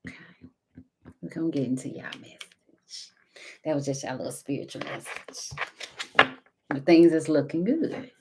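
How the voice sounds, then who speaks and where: A woman giving a casual spiritual tarot reading, talking intimately to viewers and calling them baby and honey, sometimes dropping to a soft whisper. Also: low voice, normal speed, pauses often, background noise. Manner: intimate and chatty, calls listeners baby and honey. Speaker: tarot card reader.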